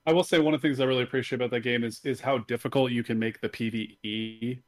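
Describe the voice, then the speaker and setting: A man's voice: mid-range voice, steady tone, fast. A man talks through games on a casual podcast with a mid-range voice. He explains at length, methodical and enthusiastic. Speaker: podcast co-host.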